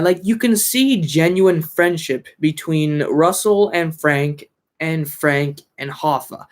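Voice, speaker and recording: A man with a somewhat high voice talks through a film in a loose, casual way. He rambles, restarts his sentences and fills the gaps with fillers. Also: measured pace. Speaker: film reviewer. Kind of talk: casual chat.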